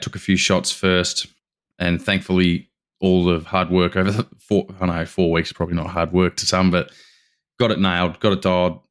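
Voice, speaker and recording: An Australian man tells a story on a podcast, his voice very deep and smooth. He speaks in a fairly flat tone and rambles eagerly, restarting his sentences as he goes. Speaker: podcast guest. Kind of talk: casual storytelling.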